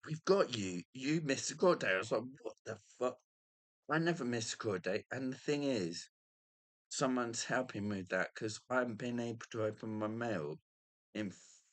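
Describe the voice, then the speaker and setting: A man's voice: on the low side, a bit bright. A man talking straight to camera in a rambling, profane monologue, swearing casually as he drifts from one thought to the next. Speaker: vlogger.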